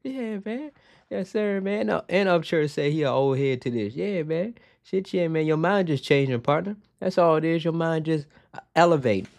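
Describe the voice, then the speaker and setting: Excitable man reacting, dry mic. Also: fairly high pitch, normal speed, vocal fry, no room sound. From Virginia, USA. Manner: excitable, profane, keeps repeating "man". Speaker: reaction video host. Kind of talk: casual reaction commentary. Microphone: headphones on, talking to camera.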